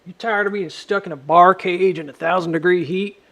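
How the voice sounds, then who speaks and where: Hushed upscale truck-ad announcer, put on by a man, gravelly, slow sales patter. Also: high voice, fairly even intonation, exaggerated voice. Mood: salesy. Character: man as smooth luxury monster truck ad announcer. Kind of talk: mock commercial pitch.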